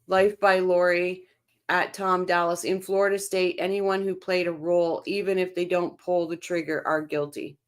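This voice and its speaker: A woman's voice: lowish voice, level tone, moderate pace. A woman hosting a casual true-crime livestream, reading viewer comments aloud and reacting to them in a chatty way. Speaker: livestream host reading chat.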